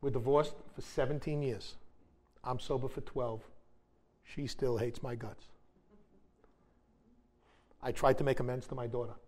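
A man's voice: mid-range voice, fairly even intonation, a little slow, long pauses, darkish tone. A middle-aged man giving a candid personal testimony at a recovery meeting, wry and blunt, with the odd swear word. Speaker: speaker sharing at a recovery meeting.

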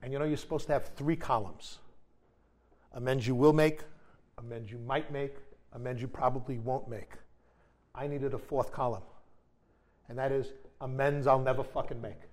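A man's voice: medium pitch, fairly even intonation, moderate pace, long pauses, darkish tone. A middle-aged man giving a candid personal testimony at a recovery meeting, wry and blunt, with the odd swear word. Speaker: speaker sharing at a recovery meeting.

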